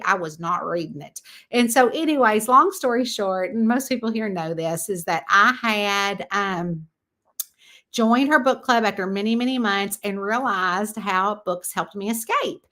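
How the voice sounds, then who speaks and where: A woman's voice: mid-range voice, fairly bright tone. A middle-aged woman, an author hosting a casual live chat, rambling and chatty with lots of fillers.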